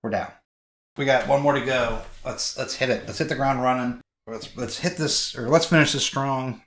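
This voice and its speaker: A man co-hosting a podcast, chatting casually and playfully, with quick laughs and mock-dramatic readings. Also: mid-range voice, fairly bright tone. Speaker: podcast co-host. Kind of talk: casual chat. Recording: roomy echoey sound.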